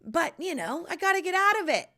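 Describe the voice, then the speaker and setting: An American woman hosting a podcast, talking in a casual, profane monologue that swings from hushed asides to loud exclamations. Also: very high voice, sing-song, normal speed. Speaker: podcast host.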